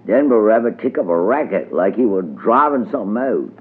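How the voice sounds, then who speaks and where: A man reading a storybook tale aloud in a lilting, measured way, on a tinny old radio recording. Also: lowish voice, sing-song, breathy edge. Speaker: narrator.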